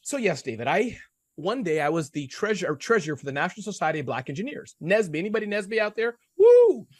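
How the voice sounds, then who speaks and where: A man hosting a casual panel chat, telling self-deprecating stories in an animated way. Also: high-pitched, fast, no echo. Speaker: host.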